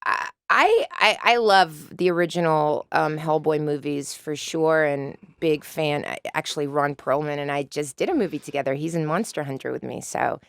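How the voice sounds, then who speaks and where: An actress guest chatting in a studio interview, telling stories in an animated way and mimicking voices, Russian her first language. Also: low voice, moderate pace, creaky, hardly any pauses, clear, resonant tone, no echo. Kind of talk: casual interview chat.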